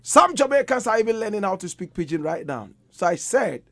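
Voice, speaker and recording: Animated Ghanaian reggae artist, dry sound. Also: male voice, high-pitched, a little fast, vocal fry, dry recording. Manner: animated, street slang like "brethren" and "yeah, man". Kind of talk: casual radio interview.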